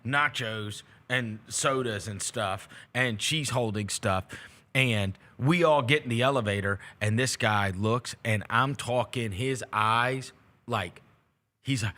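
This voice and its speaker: A man hosting a sports talk show, telling a story with lively, animated delivery and acting out the people in it. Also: medium pitch, slow. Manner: animated, acts out voices in his stories. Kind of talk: casual storytelling chat.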